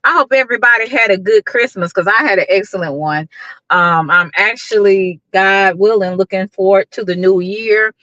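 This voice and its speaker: A woman's voice: mid-range voice, normal speed, pushed and bright, dry recording, highs cut off. A middle-aged woman hosting a casual livestream, greeting viewers by name and talking with lots of fillers. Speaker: YouTube livestream host.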